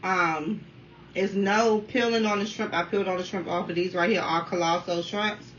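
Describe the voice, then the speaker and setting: A woman in her thirties from the Washington, D.C. area, chatting casually while eating on camera at home and keeping up a steady stream of remarks to her viewers. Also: lowish voice, normal speed. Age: 30s. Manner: talkative, keeps addressing viewers as y'all. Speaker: mukbang vlogger. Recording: dull, slightly distant sound with faint room noise.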